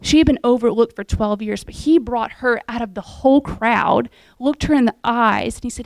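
Gravelly earnest woman preaching. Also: on the high side, normal speed, few pauses, darkish tone, no room sound. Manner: earnest storytelling, retelling scripture in plain words. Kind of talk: sermon.

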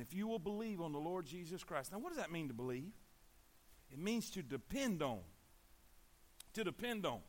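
A man's voice: sits high, fairly bright tone. A man preaching a sermon, emphatic, repeating himself and asking the congregation to answer back. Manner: emphatic, repeats words and asks the congregation for replies. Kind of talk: sermon on sharing the gospel.

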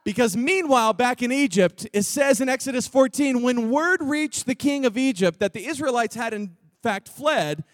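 High-voiced animated preacher man. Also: no echo, studio quality. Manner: animated, acts out Bible characters, drops to near whisper. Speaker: pastor. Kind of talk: sermon. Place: church auditorium.

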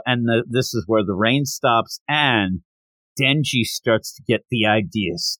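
A man hosting a podcast, chatting casually about a manga chapter and acting out the characters' lines in quick bursts. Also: medium pitch, a bit bright, dry recording. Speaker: podcast host.

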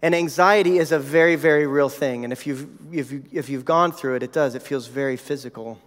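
A man's voice: mid-range voice, brisk. A man in his thirties giving a sermon, telling a personal story in a conversational way with many fillers. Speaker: pastor. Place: church hall. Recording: reverberant hall.

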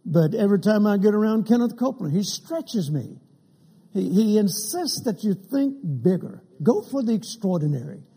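An older male preacher whose voice runs high for a man yet sounds mellow and husky. He tells humorous stories in a sermon, acting out the quotes of the people in them. A long reverb trails each phrase, as in a big church hall. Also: lively intonation, moderate pace. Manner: humorous anecdotes with acted quotes. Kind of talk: sermon storytelling.

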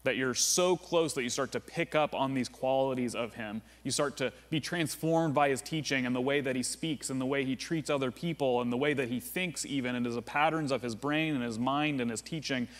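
A man's voice: mid-range voice, a little fast, hardly any pauses. A man preaching a sermon as pastor in a casual, conversational way, often saying "like" and "uh". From United States. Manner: conversational, with frequent "like" and "uh" fillers. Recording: long reverb of a large room.

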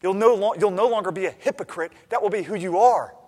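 A man preaching a sermon as pastor, swinging from hushed asides to loud, impassioned appeals. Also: high voice, fast talker, big-room sound.

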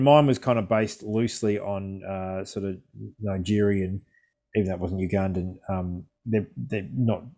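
A man with a low voice talks casually as a podcast guest. He rambles through restarts and laughs often. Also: darkish tone. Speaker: stage actor guest.

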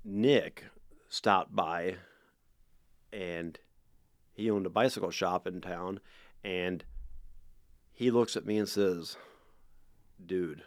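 Low-voiced man telling a story. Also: slow pace, pauses often, dry recording, clean studio sound. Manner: animated, repeats words while telling a story. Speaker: guest. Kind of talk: casual storytelling.

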